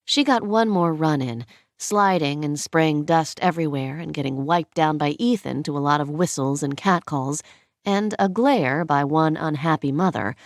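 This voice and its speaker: Woman narrator, lowish voice, dry close recording, even storytelling. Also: moderate pace, no room sound. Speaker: audiobook narrator. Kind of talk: scripted narration.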